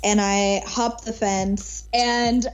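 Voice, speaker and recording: A woman guest in a casual interview telling a long story, animated, laughing often and swearing casually. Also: medium pitch, drawn-out words, low-quality recording. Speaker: podcast guest.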